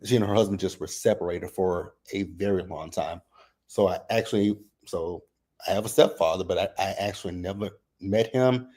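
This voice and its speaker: A man's voice: deep voice, normal speed, warm tone. A man in his thirties hosting a casual livestream recap, open and emotional as he talks about his family and fights back tears. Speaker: reality TV recap host.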